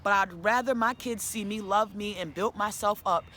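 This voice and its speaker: A woman's voice: medium pitch, moderate pace, pushed and bright, slight background noise. A woman, a single mother, telling her personal story to the camera in a candid, emphatic, conversational way.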